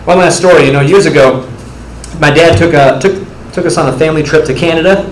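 A young male pastor preaching with earnest conviction, his fairly high voice ringing through an echoey church sanctuary. A faint hum of the room sits underneath his words. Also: a little fast. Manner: earnest preaching that turns animated and laughing in storytelling. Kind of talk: sermon.

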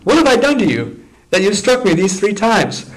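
Wounded she-donkey, high and squeaky, pleading and indignant, voiced by a man in a sermon reading. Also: very animated, moderate pace, low-quality recording. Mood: plaintive. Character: female donkey, plaintive and wounded.

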